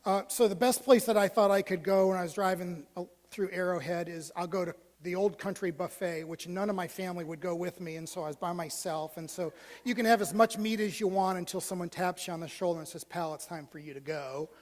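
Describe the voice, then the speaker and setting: A male pastor telling a story in a sermon, moving from hushed, almost whispered lines to loud, animated ones. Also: high-pitched, brisk. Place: church sanctuary. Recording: long church hall reverb.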